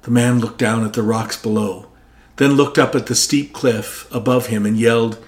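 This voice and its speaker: A man's voice: medium pitch, fairly even intonation, normal speed. A male Catholic priest reading the Gospel and preaching a Sunday homily in a conversational, candid way.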